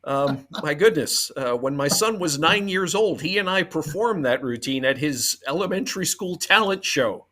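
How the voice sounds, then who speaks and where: A man's voice: a little high, animated, normal speed, hardly any pauses. A middle-aged man from Boston talking in casual chat on a podcast, telling stories with fillers and easy laughs. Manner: warm storyteller with fillers and laughs. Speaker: podcast guest.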